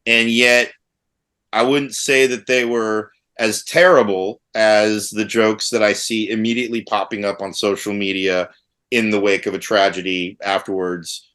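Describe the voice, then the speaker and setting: A man's voice: on the low side, fairly bright tone. A man in his forties, co-hosting a casual chat among old friends, rambling and restarting his sentences. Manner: rambling, halting with many restarts. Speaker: podcast co-host.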